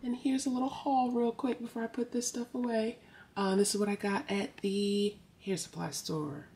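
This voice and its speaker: A woman's voice: on the high side, steady tone, normal speed, dark tone, husky, poor audio. A woman vlogging while she drives, telling stories in a chatty way and calling her viewers y'all. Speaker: family vlogger. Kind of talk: casual chat to camera. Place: in a car on city streets.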